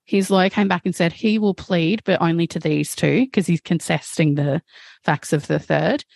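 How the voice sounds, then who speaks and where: A woman's voice: fairly low pitch, moderate pace, creaky, darkish tone, no room sound. A woman speaking as a guest, telling a personal story candidly, with frequent fillers and some swearing. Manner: frank, swears, many fillers like "like" and "um".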